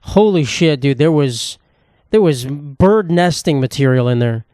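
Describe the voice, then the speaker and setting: Unhurried yet animated, a solo podcast host in his twenties rambles from a table indoors, trading in crude, self-mocking humor. His voice is fairly high with a dark, clean tone. The sound is clean studio audio with no room noise.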